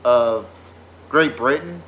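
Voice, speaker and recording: A man's voice: medium pitch, slow pace, fairly bright tone, highs cut off. A man with a Southern US drawl hosting a casual sports podcast, telling rambling, profane stories. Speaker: podcast host.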